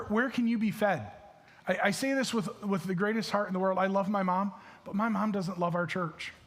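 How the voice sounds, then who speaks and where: A man's voice: high-pitched, fairly bright tone. A male pastor with a Michigan accent preaching a sermon in a casual, chatty way, full of fillers and restarts. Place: church stage.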